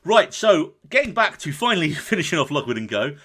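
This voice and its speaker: Lively, bright-voiced English man. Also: on the high side, a little fast. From England. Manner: lively, jokey, reads listener comments. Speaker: podcast co-host. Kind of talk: casual chat.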